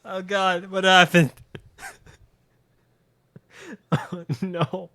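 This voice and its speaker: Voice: medium pitch, level tone, slow, bright, forceful tone. A streamer voicing a game live, talking in a giggly, breathless, self-mocking way. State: in a laughing fit.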